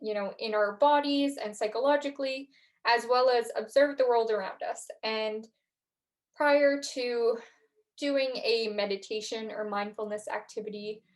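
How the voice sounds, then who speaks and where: A young woman hosting a podcast, talking gently through reflection and a guided breathing practice, with frequent fillers. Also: fairly high pitch, fairly even intonation, a little slow. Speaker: podcast host. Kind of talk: guided mindfulness talk.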